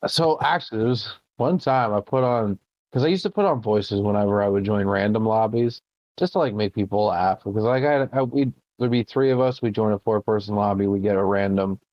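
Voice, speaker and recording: Crude, low-voiced podcast co-host. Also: male voice, a little fast, no echo, highs cut off. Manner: crude, swearing, laughing often. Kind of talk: casual comedy podcast chat.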